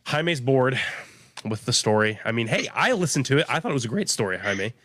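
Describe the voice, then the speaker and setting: A man hosting a live show, relaxed and full of fillers as he reads out viewer comments. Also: medium pitch, a little fast, dry recording, studio quality. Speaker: host. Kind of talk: casual chat, reading comments.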